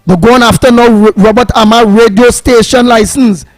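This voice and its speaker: A man's voice: very high-pitched, fairly even intonation, normal speed, dry recording, poor audio. A man with a Trinidadian accent hosting a call-in radio show, emphatic and fiery, repeating words and slipping into a sing-song. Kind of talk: animated call-in radio talk.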